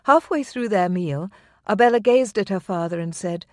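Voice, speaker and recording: An audiobook narrator reading a historical romance in measured, even storytelling. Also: mid-range voice, dry recording, studio quality. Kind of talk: scripted narration.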